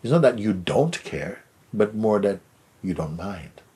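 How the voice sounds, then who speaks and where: A man teaching in a spiritual talk, his voice low, breathy and heavily husky. He speaks slowly and softly, often sinking into a near whisper and gently repeating words. His tone stays unhurried throughout. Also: animated. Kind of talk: spiritual talk answering a question.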